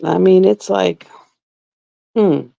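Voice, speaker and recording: A woman's voice: lowish voice, slow pace, gravelly, dark tone, dry recording. A middle-aged woman, a nurse, chatting bluntly and with exasperation on a casual live stream. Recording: dull lo-fi dry live-stream audio.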